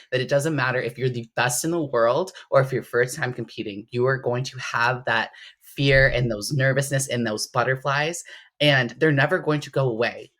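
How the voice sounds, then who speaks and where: A woman guest in a casual interview, telling stories with strong emotion and big swings in her voice. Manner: animated, emotional storytelling with big pitch swings. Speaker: interview guest, competitive bodybuilder.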